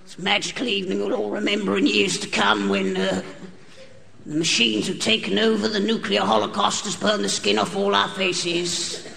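A man performing a stand-up set in a strained, unusually high voice and a deadpan, grotesque absurdist delivery, recorded live on stage. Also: moderate pace, gravelly. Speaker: stand-up comedian. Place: comedy club stage with a live audience. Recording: archive broadcast of a live show with hall reverb and audience laughter.

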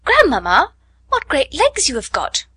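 A woman's voice: high-pitched, huge pitch swings, a little slow, pushed and bright, no room sound, pitched above the performer's own voice, heavily acted. An innocent little fairy-tale girl, polite and trusting, as a woman reading aloud puts her on. Her voice lifts above the reader's own into a wondering, childlike tone. The sound is dry and close.

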